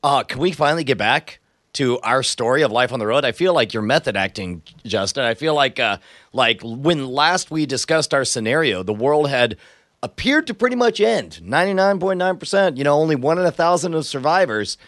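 A man's voice: medium pitch, brisk, dry recording, clean studio sound. A man co-hosting a comedy podcast in casual chat, laughing often and restarting his sentences. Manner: animated, laughs often, self-interrupting. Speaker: podcast co-host.

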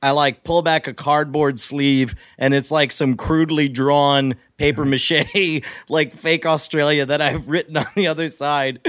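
Male co-host, jokey and quick to laugh; dry, close recording. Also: a little high, fairly even intonation, fairly bright tone, dry recording. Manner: joking, laughs often. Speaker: podcast co-host. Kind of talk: casual chat.

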